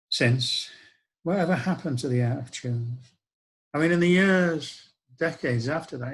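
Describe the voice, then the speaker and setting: A man's voice: medium pitch, poor audio. An older man tells a personal story. His delivery is wry, reflective and conversational, like spoken-word storytelling. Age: 60s.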